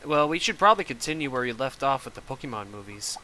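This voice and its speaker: A man's voice: mid-range voice, fast talker, a crowd in the background, poor audio. A man hosting a casual stream, chatting and teasing friends on voice chat. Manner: relaxed, joking and teasing. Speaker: streamer host.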